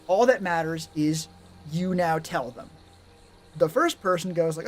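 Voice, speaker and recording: A man's voice: fairly high pitch, a little slow. A man streaming live, talking casually in a rambling, sarcastic way and swearing a lot.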